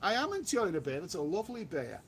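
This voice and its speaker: A fairly high-voiced English man rambles through a casual live stream from the seaside, restarting sentences and tossing in mild swearing. Faint outdoor ambience sits behind his voice. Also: big pitch swings, quick pace, a bit bright, a little hiss or hum. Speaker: travel vlogger live-streaming. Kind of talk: casual live-stream chat reading viewer comments. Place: outdoors by a beach.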